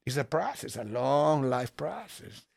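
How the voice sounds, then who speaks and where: A middle-aged man from Peru with a Peruvian Spanish accent, a restaurant owner telling stories in a radio interview with lively restarts and repetitions. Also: mid-range voice, a little slow, gravelly, dry recording. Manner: animated storyteller, restarts and repeats words. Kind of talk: casual interview storytelling. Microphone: studio microphone.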